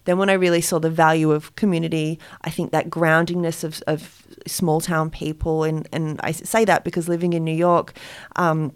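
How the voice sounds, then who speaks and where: Brief: Australian woman guest, slightly low pitch, chatty, lots of "you know". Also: level tone, smooth. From Australia, small town. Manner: chatty, many fillers like "you know", quick laughs. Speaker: guest, jewellery brand founder and author. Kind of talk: casual interview chat.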